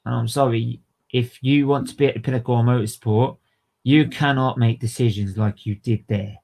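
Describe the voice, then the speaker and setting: Ranting about motorsport on his livestream, a man repeats phrases and throws in slang and curses. His mid-range voice is steady, creaky, and somewhat dark, at a moderate pace.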